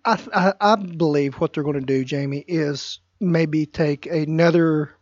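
A man co-hosting a podcast in casual chat, talking haltingly with many fillers and restarts. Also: on the high side, no room sound. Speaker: podcast co-host. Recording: dry, dull lo-fi sound.

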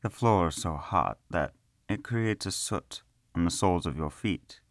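A gentle, unhurried young captive, bound in arcane stone, speaks in a quiet, low, pleasant tone, voiced by a male storyteller. He sounds serene and a little cryptic. The recording is dry and close. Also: animated, no echo. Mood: calm. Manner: soft, pleasant and reassuring. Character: young man trapped in a floor, calm, smiling, cryptic. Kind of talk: storybook character reading.

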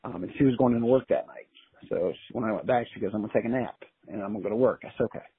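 Husky man on a tinny phone line. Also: fairly low pitch, very fast. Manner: colloquial, animated anecdote telling. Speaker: interview guest. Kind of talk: casual storytelling.

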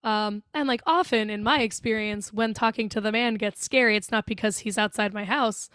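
A woman in her twenties co-hosting a horror movie podcast, chatting casually and excitably with lots of "like" and swearing. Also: medium pitch, normal speed, clear, resonant tone, no echo, clean studio sound. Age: 20s. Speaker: podcast co-host. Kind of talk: casual chat.

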